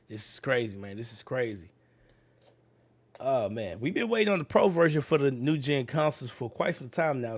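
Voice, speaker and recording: A sick, congested man with a raspy voice, chatting casually with viewers while he waits for a live event to start. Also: mid-range voice. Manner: slangy, talks to viewers as y'all. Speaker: streamer reacting to a live event. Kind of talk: casual live-stream chat.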